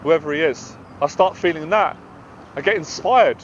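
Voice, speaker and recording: A man's voice: on the high side, moderate pace, a little hiss or hum. British guy pouring his heart out, motivational rant, kinda dull sound outside. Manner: passionate, emphatic, confessional. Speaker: anxiety and confidence coach. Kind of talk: motivational talk to camera.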